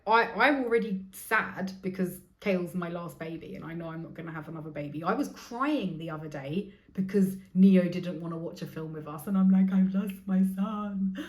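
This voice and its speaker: Woman in her 30s rambling on her own podcast, swears a lot, laughs at herself, a bit low-voiced. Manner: rambling, confessional, swears freely, self-mocking. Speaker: podcast host. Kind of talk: candid solo podcast monologue.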